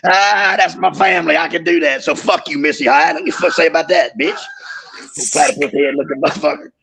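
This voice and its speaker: A man's voice: fairly high pitch, a little fast, gravelly, background noise. A middle-aged man telling rowdy, profane stories in casual chat, laughing often. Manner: profane, laughing, rambling storyteller. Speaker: guest, former wrestler.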